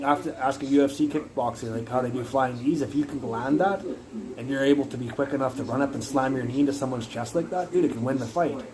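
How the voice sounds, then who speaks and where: Jumping between topics and swearing as he goes, a man hosts a rambling, casual phone livestream full of stories. His voice is mid-range and the audio is poor.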